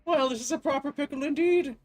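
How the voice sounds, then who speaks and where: A man voicing a fussy, genteel old-fashioned male professor with a put-on posh accent, talking high and chirpy. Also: fairly quick, faint music behind.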